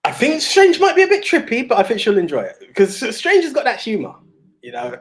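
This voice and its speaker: A young man co-hosting a podcast, telling stories in a rambling, animated way with many restarts. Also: extremely high pitch, brisk, a little hiss or hum. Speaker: podcast co-host. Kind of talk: casual chat.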